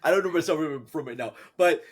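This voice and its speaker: A man from Minnesota hosting a casual podcast chat, rambling and halting with lots of fillers. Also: fairly high pitch, breathy edge. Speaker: podcast host.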